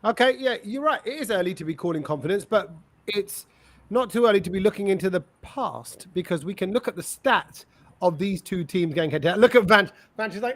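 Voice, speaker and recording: A man's voice: high voice, expressive, fairly quick, a bit bright, dry recording. A man hosting a fan chat show, chatty and upbeat, reading out viewer messages. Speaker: host.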